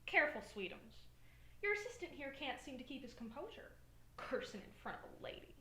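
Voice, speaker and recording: A woman's voice: high voice, big pitch swings, brisk, pushed and bright, reverberant, full character voice. A woman playing a brassy, sassy old dame. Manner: flirty pet names, saucy and brash. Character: brassy middle-aged female ex-con, sassy and unrepentant. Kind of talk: amateur comedy web drama.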